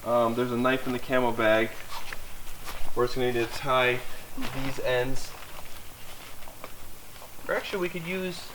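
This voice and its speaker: A man's voice: mid-range voice, fairly even intonation, measured pace, long pauses, background noise. A young man chatting casually while camping in the woods, rambling and coaxing his dogs along. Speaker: outdoor vlogger. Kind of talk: casual camping vlog chat. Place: outdoors in the woods by water.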